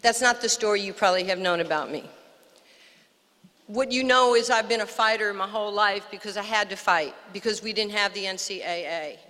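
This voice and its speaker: Older new york woman, bright lively storyteller, long echo from the PA. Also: medium pitch, fairly quick. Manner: animated storyteller, acts out quotes. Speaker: guest speaker. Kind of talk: storytelling speech. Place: outdoor park dedication.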